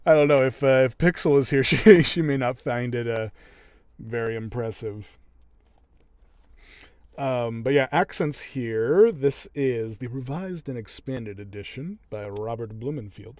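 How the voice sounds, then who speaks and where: A man's voice: mid-range voice, animated, normal speed, darkish tone, no echo, studio quality. Chatty man rambling casually. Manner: chatty, rambling, with fillers and laughs. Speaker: streamer editing an audiobook. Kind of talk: casual live-stream chat.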